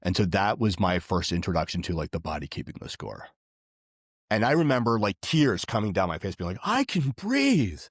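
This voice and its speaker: Deep-voiced man talking casually. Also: a little fast, dry recording, studio quality. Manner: rambling, filler-heavy, earnest. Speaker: podcast guest. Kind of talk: casual conversation.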